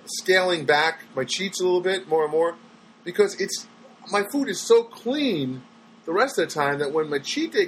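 Rambling chatty man, slightly high voice. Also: a bit bright, slight background noise, low-quality recording. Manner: rambling and chatty, trailing off and restarting. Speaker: stand-up comedian. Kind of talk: casual solo monologue.

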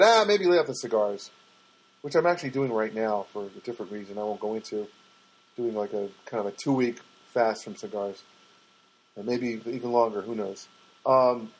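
Podcast host, male, husky voice, rambling self-mocking storyteller. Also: a little mellow, rough recording. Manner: rambling, self-mocking, mimics others in a high voice. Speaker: podcast host and stand-up comic. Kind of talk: casual storytelling monologue. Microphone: podcast microphone.

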